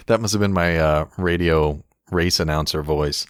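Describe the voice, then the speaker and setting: A low-voiced man chats wryly on a podcast, chuckling as he reads card text aloud. The recording is dry and close, with no room sound. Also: slow, pauses often, no echo. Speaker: podcast co-host. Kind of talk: casual chat reviewing game cards.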